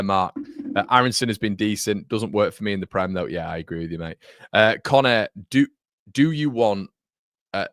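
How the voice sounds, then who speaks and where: A man with a lowish voice hosts a casual fan livestream, reading viewer comments aloud and chatting back to them. He rambles a little, corrects himself mid-sentence and keeps calling people mate. The sound is close and dry, with no room around it. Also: fairly bright tone, no room sound. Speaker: fan channel host.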